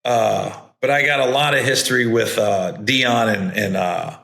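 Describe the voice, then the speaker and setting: Male comedian host, casual storyteller, rambling, forceful bright tone. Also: mid-range voice, a little slow, gravelly. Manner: rambling, with many restarts and mimicked voices. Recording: echoey room.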